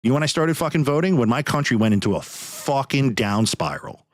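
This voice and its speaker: A man's voice: mid-range voice, big pitch swings, a little fast, no room sound, studio quality. A podcast host man ranting in anger, swearing heavily as he talks. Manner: angry, profane, heavy swearing. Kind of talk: heated podcast rant.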